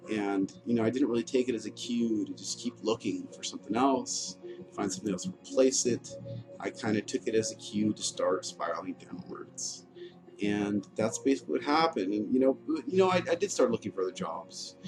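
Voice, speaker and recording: A low-pitched man in his thirties speaks a candid personal monologue. He is halting and frank, with many fillers and restarts. Music plays clearly behind him. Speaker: vlogger telling his life story. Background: music playing.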